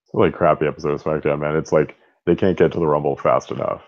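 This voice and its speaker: A man's voice: extremely low pitch, steady tone, quick pace, lo-fi sound. A man co-hosting a casual podcast chat, blunt and swearing casually. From Canada. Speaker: podcast co-host.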